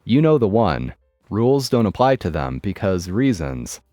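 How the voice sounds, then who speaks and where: A man's voice: fairly low pitch, sing-song, normal speed, dark tone, no room sound. A man reading a first-person story in a wry, matter-of-fact scripted narration. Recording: dry close mic with music bed.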